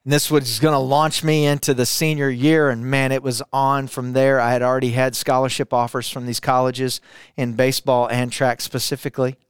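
A man's voice: medium pitch, level tone, normal speed, smooth, no echo, studio quality. Intense man telling a personal testimony. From Arkansas, US. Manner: intense, builds with repetition, drops quiet for emphasis. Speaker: speaker sharing a personal testimony. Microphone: camera, speaking to it.

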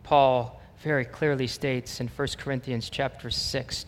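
Medium in pitch and fairly even in intonation, this male pastor speaks at a measured pace with hardly any pauses. In a church sanctuary full of long hall reverb, his sermon moves from storytelling up to emphatic preaching.

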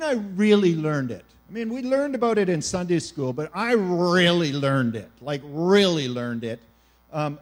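A middle-aged man from Canada preaches a sermon in a fairly high voice. His delivery is animated, pushing some lines out loudly and dropping others to a near hush. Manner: animated preaching, swings between loud emphasis and hushed quiet. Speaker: pastor.

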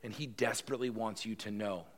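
A pastor giving a sermon in an animated, conversational storytelling manner. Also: male voice, fairly low pitch, quick pace.

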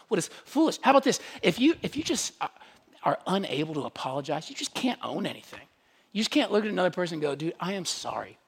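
Pastor, lively sermon delivery that swoops high and low, emphatic and conversational. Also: breathy edge, big-room sound. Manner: animated, conversational preaching with wide swings in pitch and loudness; emphatic, with rhetorical questions and quick asides.

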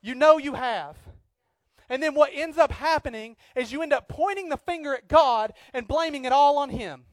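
A man preaching a sermon as pastor, swinging from loud acted outbursts to quiet earnest talk. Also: extremely high pitch, moderate pace, no echo.

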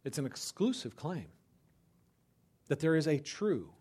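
Conversational preaching man, slightly high voice. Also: a little slow, breathy edge. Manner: conversational, often checks in with listeners; rises to loud animated bursts for emphasis. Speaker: pastor. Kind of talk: conversational sermon.

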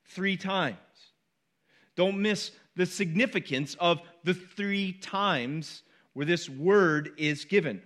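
Addressing his congregation, a middle-aged male pastor chats his way through a sermon, slipping in brief asides between his stronger points. His voice is high, light and a bit bright, and he drives home key words by repeating them with mounting force.

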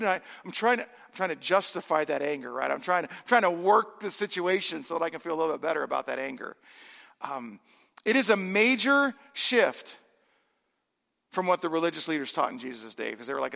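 Male pastor, forties, high gravelly voice, casual joking sermon, long church-hall reverb. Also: expressive, brisk, bright, forceful tone. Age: 40s. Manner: conversational, self-deprecating humor. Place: church sanctuary.

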